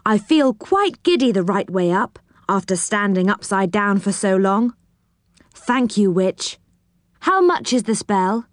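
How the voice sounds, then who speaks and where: A woman's voice: mid-range voice, big pitch swings, unhurried, dry recording, clean studio sound. A woman voicing an eager, cheerful young boy in a storybook reading.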